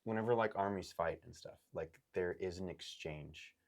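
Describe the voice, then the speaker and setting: Male game master, very low voice, rambling and hesitant delivery. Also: noisy background. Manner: halting, full of ums and likes. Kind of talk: narrating a tabletop game.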